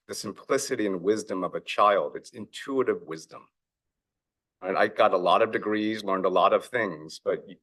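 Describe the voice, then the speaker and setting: A middle-aged man gives a keynote talk from the stage. His voice sits fairly low. He speaks reflectively and often acts out bits of family dialogue as he tells his stories. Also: fairly bright tone. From United States. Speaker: author and investor giving a keynote. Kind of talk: conference keynote speech.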